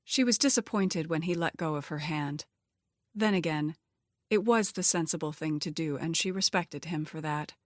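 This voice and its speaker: A woman narrating a romance audiobook in a steady, even storytelling manner. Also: low voice, normal speed, no echo, clean studio sound. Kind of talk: scripted narration.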